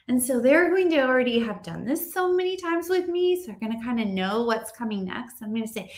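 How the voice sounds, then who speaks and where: An upbeat, chatty woman teacher gives a casual training talk to fellow educators. Her voice sits a bit on the high side. She keeps things friendly and conversational. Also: sing-song, fairly quick, hardly any pauses. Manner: upbeat, chatty, acts out classroom dialogue. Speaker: early-grades teacher giving teacher training.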